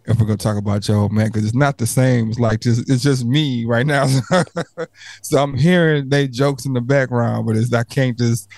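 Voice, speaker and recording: A man's voice: medium pitch, steady tone, normal speed, darkish tone, dry recording. A man with a Texas accent, co-hosting a podcast in casual, joking banter full of slang. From Texas, Houston's Third Ward. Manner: laid-back, joking, slangy. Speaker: podcast co-host.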